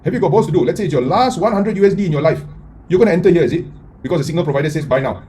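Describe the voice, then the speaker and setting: A man teaching a live trading lesson in a blunt, profane way, firing rhetorical questions at his viewers and swinging between loud bursts and mutters. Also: fairly high pitch, very fast, slight background noise. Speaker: trading mentor.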